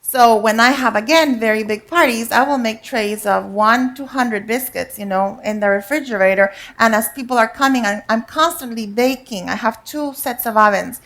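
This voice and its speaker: A woman leads a live cooking demonstration in a teaching kitchen, explaining each step in a chatty, instructive way. Her voice sits a little high, and she keeps checking that her audience is following along. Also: normal speed, few pauses, fairly bright tone.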